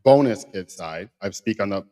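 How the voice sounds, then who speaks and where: Low-voiced man telling a personal story. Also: moderate pace. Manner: animated, emphatic, repeats phrases for effect. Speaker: podcast co-host. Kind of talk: casual conversational storytelling.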